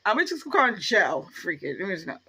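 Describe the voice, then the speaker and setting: A woman's voice: medium pitch, sing-song, quick pace, sharp tone, husky. A woman telling a story to her channel in a casual, chatty way, full of fillers, acting out what each person said. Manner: chatty, filler-heavy, acts out the dialogue. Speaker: vlogger.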